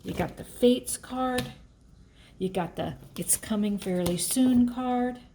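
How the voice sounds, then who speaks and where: A woman's voice: a little high, slow pace, mellow, a little hiss or hum. A woman giving a casual, emotional tarot reading, thinking aloud as she shuffles and pulls cards. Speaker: tarot reader.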